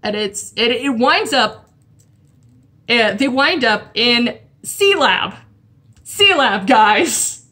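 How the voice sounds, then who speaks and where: A woman's voice: on the high side, expressive, extremely slow, pauses often, bright, forceful tone. A woman chatting casually about a comic while drawing, rambling with lots of restarts. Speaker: comic art vlogger.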